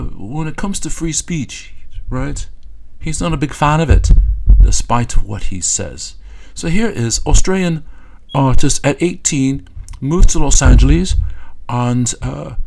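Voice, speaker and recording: A man mocks his subject in satirical commentary, his voice gravelly and frayed at the edges. He speaks at a middling pitch in a scornful, stop-start way, pausing often and filling the gaps with small hesitations. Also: darkish tone, slight background noise. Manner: scornful, stop-start delivery with many fillers. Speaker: political commentator.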